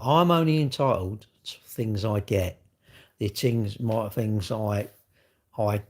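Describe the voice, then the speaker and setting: Talking by himself on his livestream, this middle-aged host delivers a sweary, blunt ranting monologue full of rhetorical questions. His medium-pitched voice is a little mellow and slightly rough.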